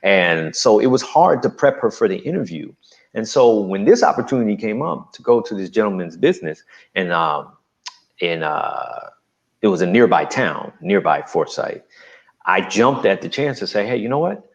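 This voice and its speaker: Deep gravelly guy telling his story, lively ups and downs, kinda muffled audio. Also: moderate pace. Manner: animated storytelling with acted quotes. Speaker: guest. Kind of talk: personal storytelling interview.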